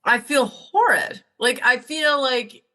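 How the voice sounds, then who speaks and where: A talkative woman hosting a podcast, her voice bright and forceful and sitting a little high. She tells rambling stories in casual chat and swears freely as she goes. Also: slow pace. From Northern New York. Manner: rambling, swearing, animated storytelling. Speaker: podcast host.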